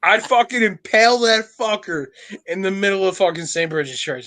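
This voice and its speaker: A man's voice: sits high, normal speed, bright, forceful tone. A young adult man co-hosting a podcast, telling crude, profane stories in casual banter and laughing often. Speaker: podcast co-host.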